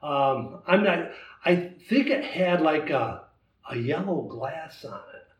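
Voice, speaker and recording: A man in his sixties, a guest telling a hunting story in a lively, casual way, acting out the voices in it. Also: fairly high pitch, slow. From United States. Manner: animated storyteller, acts out voices in his tale. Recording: roomy, distant, dull sound.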